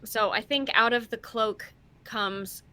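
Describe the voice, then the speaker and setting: A woman's voice: fairly high pitch, slow pace, pushed and bright, a little hiss or hum. A woman playing a tabletop role-playing game over an online call, describing her character's actions in a rambling, hesitant way. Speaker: player. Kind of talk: tabletop role-play chat.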